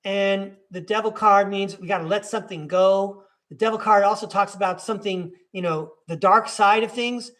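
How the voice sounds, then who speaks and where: A man's voice: high-pitched, steady tone, moderate pace, few pauses, fairly bright tone. A man hosting a live tarot reading in a casual, upbeat way, encouraging and speaking straight to his listener. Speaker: tarot reader and podcast host.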